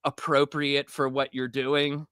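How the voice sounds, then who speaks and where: Bright-voiced, cussing podcast guy. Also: mid-range voice, takes it slowly, clear, resonant tone, dry recording, studio quality. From West Virginia. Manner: profane, animated storyteller. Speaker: podcast co-host. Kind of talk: casual chat.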